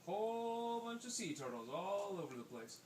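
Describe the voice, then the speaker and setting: A father spinning an improvised bedtime story for his child, his pitch rising and falling with lively expression. He sits away from the microphone in an echoey room, with faint noise behind. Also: normal speed, far from the mic. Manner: animated, voices the characters. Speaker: parent telling a bedtime story.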